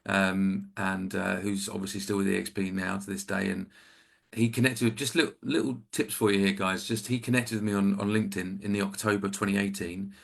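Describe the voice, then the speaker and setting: An Englishman in his forties, speaking over a video call, with a low voice that has a gravelly fry to it. He tells his story as a guest in a chatty, self-deprecating way, wandering into asides. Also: flat delivery, a little fast. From England. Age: 40s. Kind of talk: casual video-call chat.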